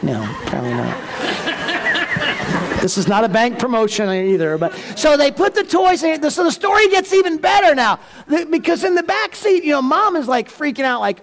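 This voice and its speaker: A man preaching a sermon, telling a story in an animated way and acting out the voices of the people in it. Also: very high voice, normal speed. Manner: animated, acts out voices in stories. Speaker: pastor.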